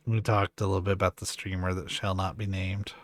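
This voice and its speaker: A man's voice: low-pitched, flat delivery, fairly quick, no echo. A man giving casual commentary over a video game playthrough, with laid-back asides. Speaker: gameplay narrator.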